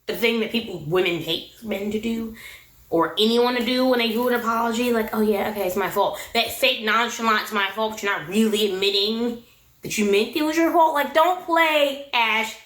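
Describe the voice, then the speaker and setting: A woman's voice: a little high, moderate pace, a bit bright. A woman giving a casual, sassy recap of a reality show, laughing often. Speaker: recap vlogger. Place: her room. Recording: echoey room.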